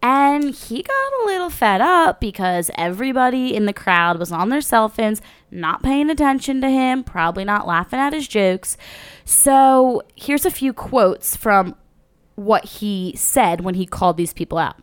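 A woman's voice: on the high side, animated, unhurried, smooth. A young woman co-hosting a podcast in casual chat, loose and profane with lots of fillers. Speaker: podcast co-host.

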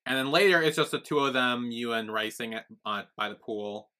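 A man's voice: medium pitch, a little fast, sharp tone. A man co-hosting a casual TV recap podcast, retelling scenes step by step. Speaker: podcast co-host.

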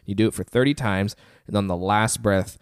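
A man's voice: fairly low pitch, normal speed, smooth, no room sound, studio quality. A man co-hosting a podcast, telling a story in casual chat with lots of fillers. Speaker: podcast co-host.

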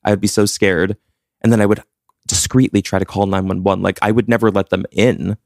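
A man's voice: lowish voice, flat delivery, brisk, vocal fry, a little mellow, no echo, studio quality. A man co-hosting a podcast in casual chat, teasing and laughing often. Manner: chatty, teasing, laughs often, playful impressions. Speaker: podcast co-host.

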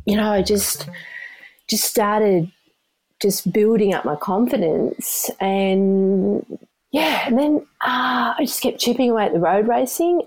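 A woman in her fifties, a former elite runner, telling her story in a casual, animated way and laughing often. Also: medium pitch, slow, faint music behind. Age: 50s.

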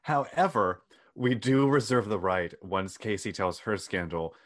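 A man co-hosts a casual chat podcast, and his voice sits a bit low. He talks in a dry, wry way and leans on key words for effect. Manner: dry, wry storytelling with deliberate emphasis. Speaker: podcast co-host.

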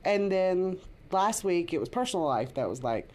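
A woman's voice: on the low side, expressive, moderate pace, a little mellow. A woman, co-hosting a casual podcast chat and laughing often. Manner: laughs often, drawls "y'all". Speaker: podcast co-host.

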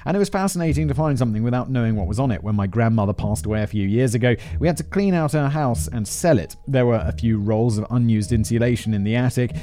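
A man's voice: mid-range voice, warm tone. A man in his thirties hosting a podcast, reading a script with chatty, rambling asides and frequent laughter. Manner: rambling, laughs often, breaks off into tangents.

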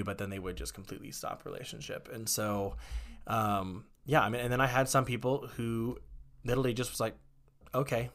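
A man's voice: fairly low pitch, fairly even intonation, a little fast. A man, a guest in an interview, candidly telling personal stories in a conversational way, with many fillers and acted-out quotes.

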